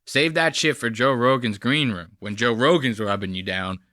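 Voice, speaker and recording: A man's voice: medium pitch, moderate pace, bright, forceful tone, dry recording, studio quality. A man hosting a podcast, talking bluntly in casual profane commentary and throwing in slang like bro and buddy. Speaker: podcast host.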